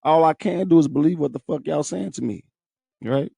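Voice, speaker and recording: A man's voice: fairly high pitch, moderate pace, vocal fry, warm tone, husky, no room sound. A young man hosting a podcast, telling a personal story in a candid, profane, emotional way. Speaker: podcast host.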